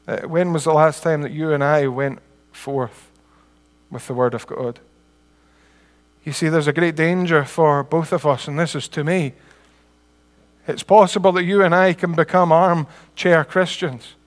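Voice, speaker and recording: A man's voice: fairly high pitch, long reverb tail. A middle-aged man with a Scottish accent preaching a sermon in an earnest, homely way, building to emphatic peaks.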